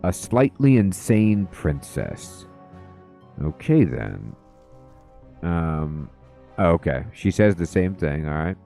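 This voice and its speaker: Let's play host, man, slow musing commentary, mellow tone. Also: low voice, sing-song, creaky, faint music behind. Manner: musing, thinking aloud. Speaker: gaming video host.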